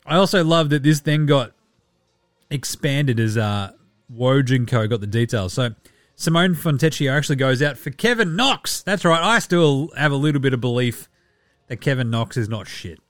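A man hosting a casual sports podcast, joking and swearing as he runs through the news and now and then slips into quick mock voices for the people he talks about. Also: medium pitch, expressive, fairly bright tone, dry recording, studio quality, faint music behind. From Australia. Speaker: podcast host.

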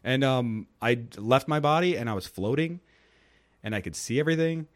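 A young man with a middle-pitched voice talks in a casual, rambling way. He tells a long story with lots of fillers. He acts out the people in it with a raised, goofy voice. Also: lively intonation, normal speed.

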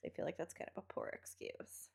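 A woman's voice: a little fast, darkish tone. A woman co-hosting a podcast who chimes in with wry, joking remarks and laughs often. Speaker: podcast co-host. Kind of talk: casual podcast banter.

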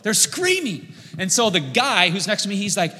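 A man's voice: sits high, big pitch swings, normal speed, bright, forceful tone, big-room sound. A man preaching a sermon, telling a story animatedly and acting out the people in it. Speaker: pastor.

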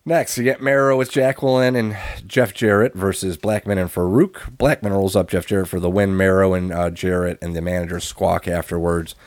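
A man co-hosting a podcast, recapping matches in a deadpan play-by-play and swearing freely. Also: deep voice, moderate pace, hardly any pauses, no room sound, studio quality. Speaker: podcast co-host recapping wrestling. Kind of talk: casual chat.

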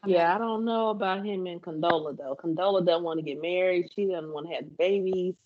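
Low-pitched woman co-host, thoughtful, muffled lo-fi audio. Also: brisk. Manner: reflective, lifts her voice high for quoted reactions. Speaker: podcast co-host. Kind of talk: casual group chat about a TV episode. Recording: dull lo-fi sound.

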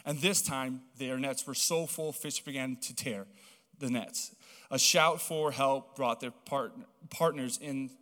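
A young man from Hawaii delivers a casual storytelling sermon at a middle pitch, rambling and animated with plenty of casual fillers. His voice carries the long reverb of a large church auditorium. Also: unhurried. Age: young adult. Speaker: young guest preacher.

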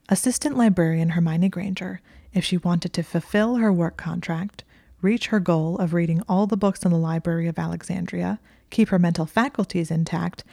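Woman narrating fan fiction, wry tone, dry close sound, bit of fry. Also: fairly low pitch, no room sound. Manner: wry, expressive storytelling. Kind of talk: audiobook reading of fan fiction.

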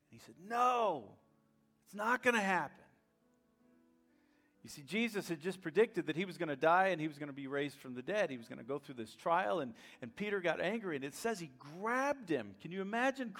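High-voiced preaching man. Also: expressive. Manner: rising to loud emphatic preaching with dramatic pauses. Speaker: pastor. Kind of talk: sermon.

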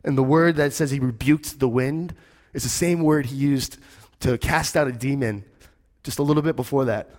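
A male pastor preaching in a conversational, storytelling manner, his voice sitting mid-range. He swings from lively to hushed for emphasis, and the sound rings with long reverb in a church hall. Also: moderate pace. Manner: conversational, animated storytelling, drops low and quiet for emphasis. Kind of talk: sermon.

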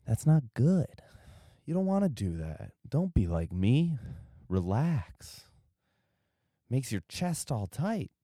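A tired young podcast host rambles drowsily through a solo episode, drifting off topic and losing his train of thought. His medium-pitched voice is sing-song and dark-toned, slow with long pauses, in clean studio sound with no echo.

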